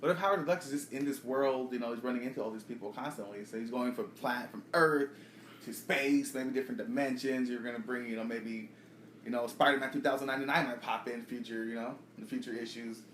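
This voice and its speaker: A man racing through a casual, profane podcast recap of a comic book. His voice sits at an ordinary pitch. The room around him is echoey, with a faint hiss beneath. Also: fast talker, a bit bright.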